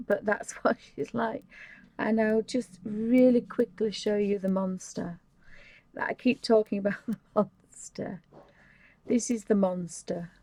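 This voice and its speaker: A woman's voice: medium pitch, level tone, unhurried, mellow, no room sound, poor audio. A woman, chatting casually and giggling as she hosts a live stream. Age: 50s. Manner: chatty and giggly, rambling with restarts. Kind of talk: casual chat, showing things to camera.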